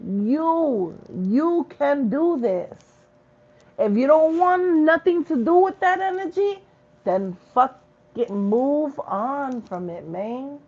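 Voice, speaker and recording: On a lo-fi recording, a woman with a high-pitched, dark-toned voice takes her time, her intonation lively. She's a spiritual reader giving a vlog message, and she doesn't hold back, cursing freely and leaning on street slang.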